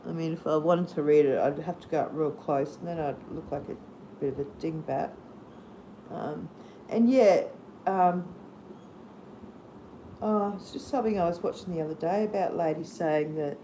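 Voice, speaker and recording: An Australian woman in middle age chats on a live stream from home with a mellow, relaxed voice. Her pitch swoops up and down in a lively way as she rambles from one thought to the next, laughing easily and poking fun at herself. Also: a little hiss or hum. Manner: rambling, giggly, self-deprecating. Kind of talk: casual live-stream chat.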